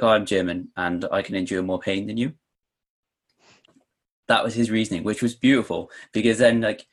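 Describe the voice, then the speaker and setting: A man from the UK chatting casually on a podcast, telling a story in a relaxed way with some swearing. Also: on the low side, slightly rough.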